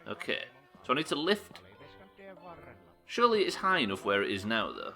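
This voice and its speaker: Lively, bright-voiced male streamer. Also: medium pitch, moderate pace, gravelly, long pauses, soft background music. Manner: swears often, talks to chat, frustrated outbursts. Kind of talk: live gameplay commentary.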